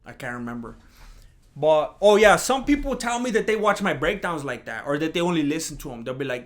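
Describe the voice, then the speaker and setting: Podcast host, male, slightly higher voice; casual, rambling, animated solo chat. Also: brisk. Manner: rambling, animated, mocks imagined critics in a higher voice.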